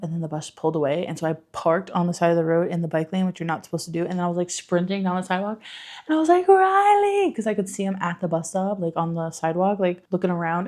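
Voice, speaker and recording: A woman talks to camera in a loose, rambling vlog style, full of laughs and casual swearing. Her voice sits a little low for a woman, and she talks as if to friends. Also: warm tone. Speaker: book vlogger.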